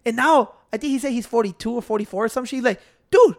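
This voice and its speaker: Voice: mid-range voice, fast. A speaker in their thirties rambling casually, laid-back and profane. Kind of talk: casual chat.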